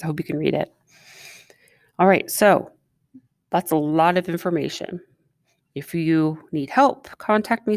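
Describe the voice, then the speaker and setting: A woman's voice: sits low, dry recording, studio quality. A woman teacher talking students through a recorded math lesson, chatting and asking them questions as she writes. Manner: chatty, asks students questions while writing.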